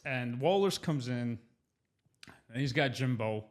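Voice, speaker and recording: A man hosting a casual interview, asking questions in a relaxed, hesitant way. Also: mid-range voice, unhurried. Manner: hesitant, with fillers and restarts. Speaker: interview host.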